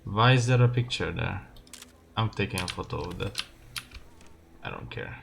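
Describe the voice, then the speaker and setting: A young man streaming a game, casually muttering his thoughts aloud in a relaxed way. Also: low voice, moderate pace, creaky, background noise. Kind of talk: casual gameplay commentary. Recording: loud keyboard typing and clicks.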